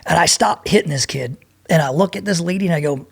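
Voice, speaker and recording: A middle-aged man telling a profane, animated story as a podcast guest and acting out the people in it. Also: on the high side, fast, vocal fry, husky. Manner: profane, animated, acts out voices in his anecdote. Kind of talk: storytelling in a casual interview.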